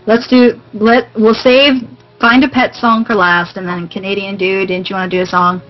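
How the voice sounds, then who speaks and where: A woman's voice: medium pitch, little pitch movement, moderate pace. A woman chatting on a live-stream podcast, giggly and scattered. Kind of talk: casual group chat on a live stream. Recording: dull lo-fi stream audio with faint music.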